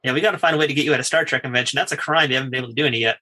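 A man's voice: medium pitch, rapid-fire, bright, forceful tone, poor audio. A man hosting a podcast, asking a guest eager questions. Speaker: podcast host. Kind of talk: interview questions.

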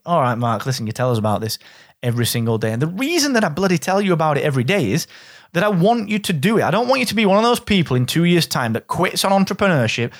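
A blunt, straight-talking man from the north of England hosts his own podcast, pushing and coaxing the listener with lively energy. His voice sits a little high for a man, and he drops in the odd swear word without a second thought. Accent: Northern English. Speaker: podcast host. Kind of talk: solo podcast monologue.

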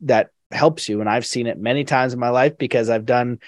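A man hosting a podcast, speaking earnestly and reflectively, with many fillers and bursts of excited quoted exclamations. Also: mid-range voice, brisk, no room sound, studio quality. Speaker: podcast host. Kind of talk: casual interview chat.

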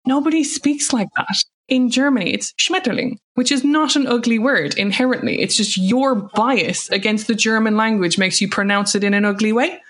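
A young woman co-hosting a podcast, chatting and ranting playfully with animated quoted voices. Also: on the high side, moderate pace. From Ireland. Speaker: podcast co-host. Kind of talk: casual chat. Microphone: home recording.

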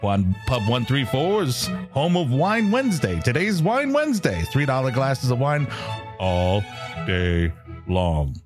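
A man putting on a high, sing-song mock English accent to read a sponsor ad. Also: huge pitch swings, unhurried, music in the background. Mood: pompous.

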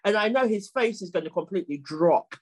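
A middle-aged woman, a guest on a podcast, telling stories in a relaxed, humorous and animated way, often repeating words as she starts a sentence. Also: mid-range voice, a little fast, slightly rough. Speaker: guest, clean air campaigner. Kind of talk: casual storytelling in conversation.

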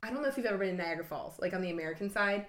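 A woman's voice: medium pitch, lively intonation, rapid-fire, fairly bright tone. A young woman from Ohio co-hosting a podcast, chatting casually with lots of fillers and putting on accents now and then. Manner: chatty, many fillers, puts on accents while telling stories. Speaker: podcast co-host. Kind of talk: casual chat.

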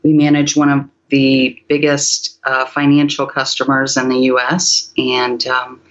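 Very low-voiced woman guest. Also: little pitch movement, muffled recording. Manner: measured, with many um and uh. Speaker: podcast guest. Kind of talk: casual interview chat.

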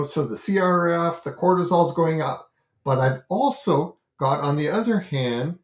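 Speaking in an echoey room, a man with a slightly high voice explains self-regulation on a talk show, drawing on his work as a parenting and self-regulation educator. He sounds earnest and thinks aloud, full of fillers and restarts, with his hands gesturing as he speaks.

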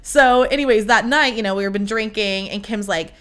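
A young woman hosts her podcast in loose, excited chat, full of fillers and quoted back-and-forth. Her voice is bright and forward, sitting in an ordinary middle pitch. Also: brisk, few pauses, smooth. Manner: chatty, gushing, full of fillers and quoted dialogue. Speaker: podcast host. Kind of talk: casual chat.

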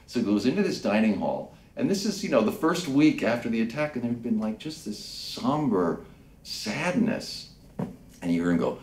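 A man who works as a voice actor, telling an anecdote in an animated way and acting out the people in it. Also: mid-range voice, moderate pace, roomy sound. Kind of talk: storytelling anecdote.

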